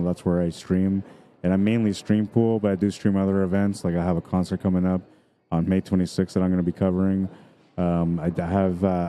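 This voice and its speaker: Deep, very dark-voiced male stream commentator. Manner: chatty, easygoing, talks directly to viewers. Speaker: pool tournament streamer and commentator. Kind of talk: casual live-stream commentary. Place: pool hall at a tournament.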